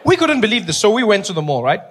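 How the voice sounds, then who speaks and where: A male stand-up comedian telling stories in an animated way, acting out scenes and laughing through his lines. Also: sits high, racing, slight background noise. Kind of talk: stand-up storytelling.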